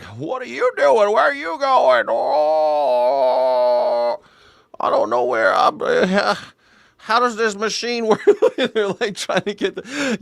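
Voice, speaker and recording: A man's voice: fairly high pitch, a bit bright, no room sound, studio quality. A man hosting a reaction show, joking and cursing through casual commentary. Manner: joking, riffs into mock old-man voices. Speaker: news reaction show host.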